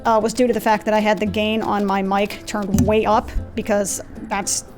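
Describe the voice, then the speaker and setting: A woman's voice: mid-range voice, level tone, normal speed. A woman hosting a let's play, chatting casually and self-deprecatingly while she plays, easily sidetracked, recorded on a desk mic. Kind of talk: casual gameplay commentary. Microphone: desk mic with gain turned down in software. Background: faint game music and clicky mechanical keyboard.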